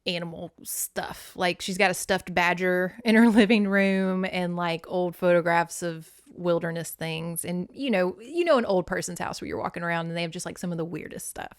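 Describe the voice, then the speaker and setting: A woman's voice: fairly low pitch, moderate pace, smooth, no echo, studio quality. A woman hosting a podcast, chatting casually with laughs and the odd swear word while summarizing and reading from a novel. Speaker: podcast host. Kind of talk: casual chat and read-aloud.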